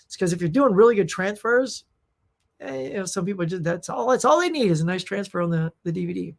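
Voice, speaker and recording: Middle-aged woman host, rambling live Q&A chat, voice going hoarse, mid-range pitch. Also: brisk. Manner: rambling, animated storytelling with many fillers. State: losing her voice.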